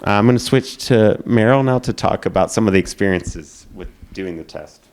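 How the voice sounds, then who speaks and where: Low-voiced man presenting casually. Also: normal speed, a little mellow. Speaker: conference presenter. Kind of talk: presentation talk.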